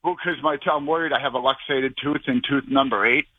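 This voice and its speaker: A man's voice: medium pitch, steady tone, a little fast, breathy edge, no echo. A man calling in to a radio show, rambling and sounding out of breath. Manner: rambling, restless. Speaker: caller. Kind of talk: rambling phone call. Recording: tinny phone line.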